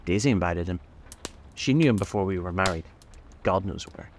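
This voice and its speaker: A man reading the part of a brash, arrogant rich man who speaks roughly and with contempt. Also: low voice, moderate pace, a little hiss or hum. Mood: brusque.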